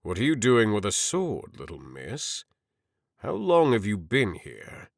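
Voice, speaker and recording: A man's voice: on the low side, huge pitch swings, measured pace, gravelly, no room sound, clean studio sound, full character voice. A man voicing a cold, threatening, power-hungry lord in an audiobook. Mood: menacing. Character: scheming older lord, menacing and power-hungry.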